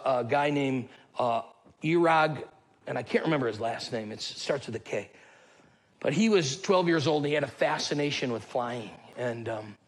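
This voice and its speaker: A man in his forties preaching a sermon as pastor, energetic and calling the congregation to answer back, with humorous storytelling. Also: medium pitch, slightly rough. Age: 40s. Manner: energetic, calls congregation to respond.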